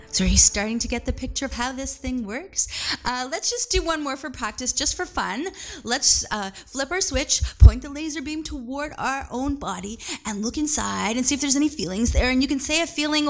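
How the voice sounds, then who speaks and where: A woman guides children through an imagination exercise, speaking gently and playfully. Now and then she slips into a hushed whisper, with soft music faint in the background. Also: on the high side. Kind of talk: guided mindfulness lesson for kids. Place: living room at home.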